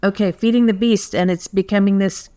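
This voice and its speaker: A woman's voice: mid-range voice, fairly even intonation, fairly quick, dark tone. A woman co-hosting a podcast, speaking in a thoughtful, responsive way in casual conversation. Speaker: podcast co-host.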